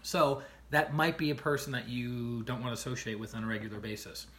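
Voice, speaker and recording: A man on a casual livestream, retelling stories in an animated way and acting out the people in them, often checking in with the listener with "right?". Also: mid-range voice, a little fast. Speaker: life coach streaming to viewers.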